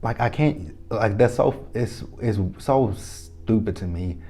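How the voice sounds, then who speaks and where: A man recapping a TV episode in a casual, profane, animated way, reacting aloud to each scene. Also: lowish voice, slow pace. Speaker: TV episode reviewer.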